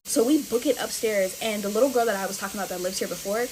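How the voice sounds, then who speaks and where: A woman's voice: on the high side, very fast, noisy background. A young woman telling a personal story in casual storytime chat, talking straight to her viewers. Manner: chatty, talks straight to viewers as y'all.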